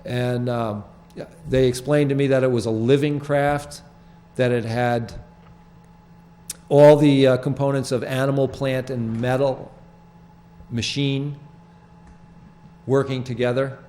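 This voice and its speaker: An older man hosting a small public-access TV show, explaining his photographs in halting, rambling, earnest talk from the studio. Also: medium pitch, steady tone, warm tone. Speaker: show host presenting his sky photographs.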